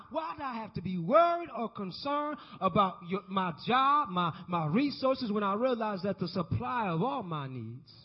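High-voiced husky preacher in a reverberant hall. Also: male voice. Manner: call-and-response preaching, asks congregation to repeat. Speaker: pastor. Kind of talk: sermon. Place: church sanctuary. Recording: dull recording with long hall reverb.

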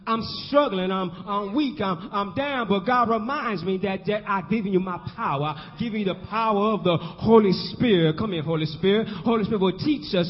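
A man with a high voice preaches with a rolling rhythm, repeating himself and climbing to shouts. The sound is dull and lo-fi, carried by a long church-hall reverb. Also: normal speed, few pauses. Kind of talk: call-and-response sermon.

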